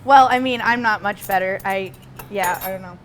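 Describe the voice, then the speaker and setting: A woman's voice: medium pitch, fairly bright tone, slight background noise, rough recording. Bubbly young woman tasting food. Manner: bubbly, laughing, quick asides. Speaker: news show host. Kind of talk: casual food-tasting chat. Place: restaurant.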